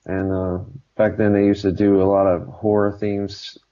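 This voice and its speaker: A man co-hosting a podcast in casual chat, relaxed, with many filler sounds. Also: fairly low pitch, normal speed. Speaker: podcast co-host. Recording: slightly dull podcast audio.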